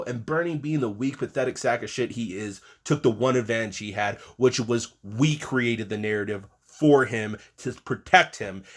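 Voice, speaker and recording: Male commentator ranting on politics, mid-pitched, profane, exasperated, mocking, loud bursts falling to mutters. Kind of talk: angry political rant.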